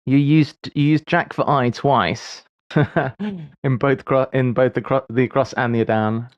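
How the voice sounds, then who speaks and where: A livestreaming man in his forties muses his way through puzzles in casual chat, sprinkling in wry, self-deprecating asides. He talks slowly at medium pitch; the audio has no room sound and the highs are cut off.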